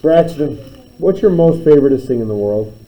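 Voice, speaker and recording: A man's voice: mid-range voice, expressive, fairly quick, highs cut off, a little hiss or hum. A man teaching a math class, spinning playful, teasing story problems about his students.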